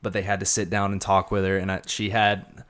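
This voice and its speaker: A man's voice: sits low, a little fast, smooth. A man co-hosting a casual podcast, telling a long story and acting out the people in it. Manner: animated storyteller acting out quotes. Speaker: podcast co-host.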